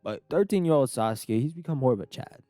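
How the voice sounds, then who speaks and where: A young man tells a crude comic fan story in a casual, rambling way, full of fillers and swearing. His voice is mellow and lively in pitch. It is recorded dry and close, with faint music underneath. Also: fast, dry recording. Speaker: narrator.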